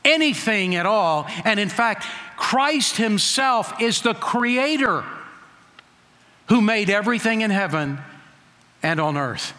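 A man preaching a sermon, his high voice bright and ringing as it carries through a hall with a long echo. He stresses key phrases by slowing right down and throws out rhetorical questions to the congregation. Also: expressive. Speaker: pastor.

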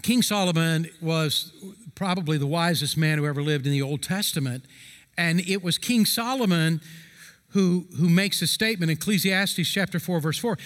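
A middle-aged male pastor delivers a sermon in an earnest, emphatic way, slowing down to press each key phrase. His voice sits high for a man. The sound rings with the long reverb of a church hall. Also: fairly bright tone. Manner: earnest, emphatic preaching with slow stressed phrases.

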